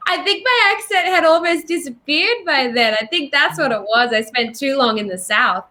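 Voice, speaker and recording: An Australian woman with a bright, slightly high voice talks as a podcast guest. She is chatty and cheerful and laughs often. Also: expressive, moderate pace. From Sydney, Australia. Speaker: singer-songwriter guest. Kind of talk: casual interview chat.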